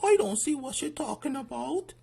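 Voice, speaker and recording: A performer voicing a doting female school principal with a Jamaican accent in a cartoon, soft and cooing. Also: high voice, animated, moderate pace, creaky.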